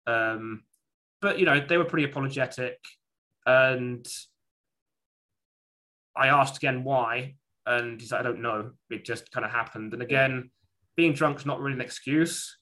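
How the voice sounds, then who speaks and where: A man with a bright, forceful voice chats casually. He tells a story in a rambling way, stopping and restarting often. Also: medium pitch, steady tone, moderate pace, long pauses. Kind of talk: casual conversation.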